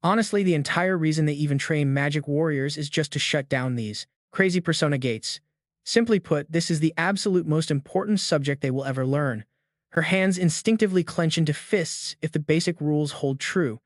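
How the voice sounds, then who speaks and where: A man's voice: on the high side, a little fast, no room sound, clean studio sound. A man narrating a story recap in a hyped, slangy storytelling manner.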